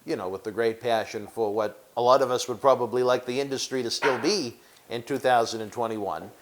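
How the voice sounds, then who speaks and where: A man's voice: medium pitch, fairly quick, noisy background. A man hosting an interview, asking long, wandering questions in a casual tone. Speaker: interview host.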